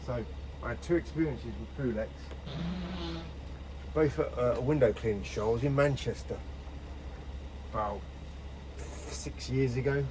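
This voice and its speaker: A man's voice: medium pitch, measured pace, pauses often. Man, window cleaner, casual rant, outdoors, faint background noise. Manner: chatty, rambling storytelling. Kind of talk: casual on-the-job rant to camera. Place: outdoors on a street job.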